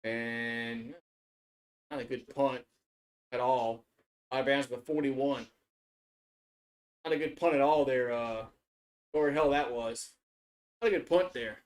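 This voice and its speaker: A man's voice: medium pitch, steady tone, a little slow, pauses often. A man giving casual live play-by-play and reaction on a stream, rambling with repeated restarts, cursing and getting worked up. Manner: rambling, repetitive restarts, swearing, gets worked up.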